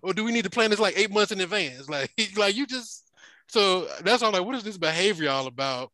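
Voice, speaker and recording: A man's voice: high voice, lively intonation, brisk, pushed and bright, no room sound. A man in his forties from Chicago, co-hosting a casual chat in a laid-back, joking way. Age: 40s. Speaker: podcast co-host.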